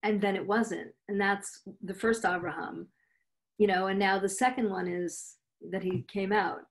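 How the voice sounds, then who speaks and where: A woman's voice: medium pitch, steady tone, a little slow. Woman interviewer musing aloud. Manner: brief affirmations, then musing questions. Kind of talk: conversational interview.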